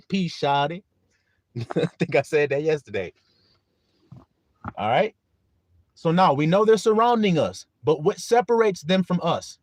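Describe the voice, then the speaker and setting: Animated man preaching a live-stream sermon. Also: a little high, measured pace, long pauses, dry recording. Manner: animated preaching, greets viewers by name, laughs often; reads scripture aloud, asking listeners questions.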